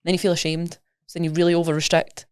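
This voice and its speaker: A Scottish woman talks fast in a lowish register, explaining her coaching work with lively everyday examples. The sound is dry and close, with no room around it. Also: clean tone, no room sound. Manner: chatty, rapid, animated explaining with examples. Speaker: nutrition coach, guest. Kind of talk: casual podcast interview.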